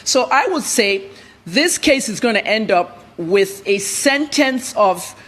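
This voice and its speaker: A middle-aged woman speaks as a journalist in an interview, her voice husky and slightly breathy. She talks bluntly and with emphasis, hopping from one point to the next. Her pitch sits in an ordinary middle range. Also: lively intonation, slow pace, a bit bright. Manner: blunt, emphatic, jumps between topics. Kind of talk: candid interview answers.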